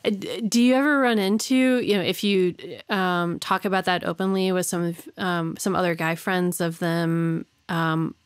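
A woman's voice: lowish voice, fairly even intonation, moderate pace, hardly any pauses, no echo, clean studio sound. A woman hosting a podcast, asking friendly follow-up questions in casual conversation. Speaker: podcast host. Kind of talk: casual interview chat.

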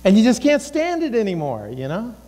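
A male pastor preaching with a fairly high voice, impassioned and given to repeating phrases. He slips into acted inner voices as he goes. His sermon rings through a church hall with a long, lingering reverb. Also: huge pitch swings, a little fast, mellow. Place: church sanctuary.

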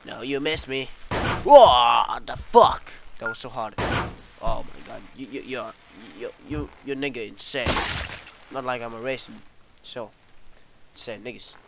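A young man giving casual let's-play commentary, excitable and swearing as he yells at the game. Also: medium pitch, normal speed, very noisy. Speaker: gameplay commentator.

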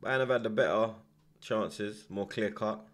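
A man hosting a live football watchalong, reacting loudly to the match with slang and swearing, shouting instructions at the players. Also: lowish voice, measured pace. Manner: excitable, shouts at the screen, heavy slang and swearing.

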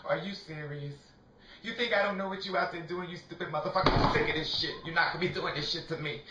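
A man's voice: on the high side, fairly even intonation, fast, heavy background noise, natural voice. A man playing a furious, jealous woman. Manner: profane, repetitive, sassy scolding. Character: furious jealous woman scolding a cheating partner. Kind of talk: comedic rant sketch. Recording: dull roomy recording from a distance.

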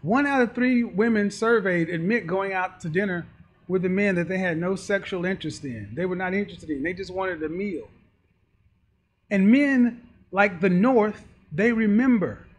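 At a normal pace and with a high voice, a man gives preachy, emphatic commentary on dating in a lecturing style, slipping into the voices of the people he mentions.

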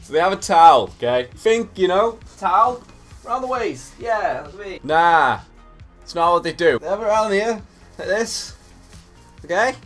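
A man's voice: high voice, normal speed, faint music behind. A young man, ranting in a comic vlog, swearing and acting out gym scenes. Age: young adult. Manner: animated, sweary, acts out scenes. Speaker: comedy vlogger. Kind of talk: comedic rant to camera.

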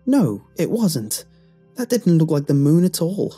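The severed head of a dead man taunts from inside a garbage bag, as a narrator puts him on. Each insult is drawn out slowly in a dark, husky voice. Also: mid-range voice, very animated, faint music behind. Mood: defensive. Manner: mocking, drawn-out slow taunts.

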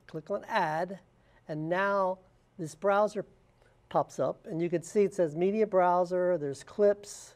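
Mellow-voiced man explaining software steps. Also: sits high. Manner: plain step-by-step explaining with frequent fillers. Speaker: software tutorial instructor. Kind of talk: screen-recorded software walkthrough.

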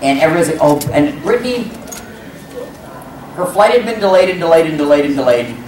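Man panelist, lively voice, story in an echoey hall, heard from a distance, crowd and noise behind. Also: on the high side, fast. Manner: rambling storyteller who acts out quotes. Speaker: convention panelist. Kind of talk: casual anecdote telling. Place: large convention hall with audience. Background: audience murmur and room noise.

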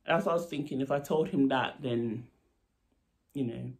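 A man, a nurse, telling a story in a casual, animated vlog. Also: medium pitch, moderate pace. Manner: animated, lively retelling with asides. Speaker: storytelling vlogger.

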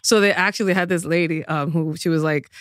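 A man's voice: fairly high pitch, fairly even intonation, brisk, fairly bright tone, clean tone, no room sound, clean studio sound. A man on a casual comedy podcast, telling rambling stories and laughing often. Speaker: podcast co-host.

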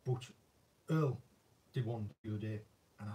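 Northern English fisherman, easygoing self-deprecating chatter, warm low-key voice, recorded a little off-mic. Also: normal speed. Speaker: angling vlogger and former commercial fisherman. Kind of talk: casual viewer Q&A chat. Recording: voice a bit distant from the mic.

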